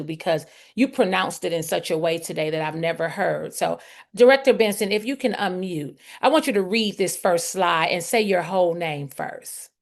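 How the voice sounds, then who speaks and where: With a lowish, gravelly voice, a woman energetically runs a group coaching session over video. She addresses people by name and drives points home by repeating key phrases.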